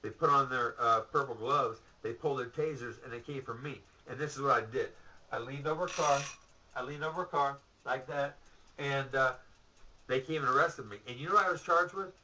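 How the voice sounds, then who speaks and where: Profane ranting man, bright tense voice. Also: mid-range voice, fairly quick, lo-fi sound, a little hiss or hum. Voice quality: rambling, profane, storytelling with laughs and asides. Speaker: vlogger.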